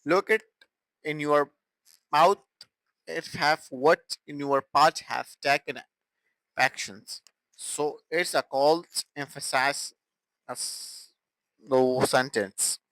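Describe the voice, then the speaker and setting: Male grammar teacher, higher voice, slow and halting delivery, dry close sound. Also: a bit bright, no room sound, rough recording. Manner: halting, with restarts and broken phrasing. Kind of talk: classroom grammar explanation.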